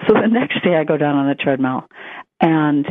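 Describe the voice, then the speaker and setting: A woman's voice: low-pitched, moderate pace, no room sound. Woman telling a story over a tinny phone line. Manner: animated, acts out quoted voices. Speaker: guest. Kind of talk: storytelling in a conversation.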